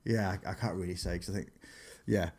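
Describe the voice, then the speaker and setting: A man's voice: sits low, a little fast. A man, a comedian telling stories in casual podcast chat and acting out what people said. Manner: animated storytelling, acts out quotes.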